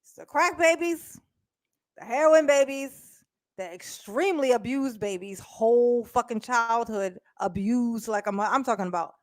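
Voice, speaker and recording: A woman doing casual live-stream commentary, blunt and profane, chatting directly with her viewers and breaking into quick laughs. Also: fairly high pitch, no echo, studio quality. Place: indoors at home.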